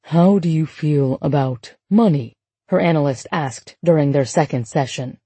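A woman reading an audiobook in a measured, even storytelling voice. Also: medium pitch, husky, no room sound. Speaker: audiobook narrator. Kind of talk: scripted narration.

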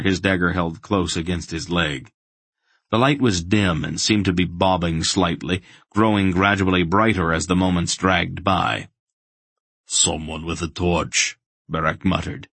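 A man narrating a fantasy audiobook in a steady, measured way. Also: low-pitched, dry recording.

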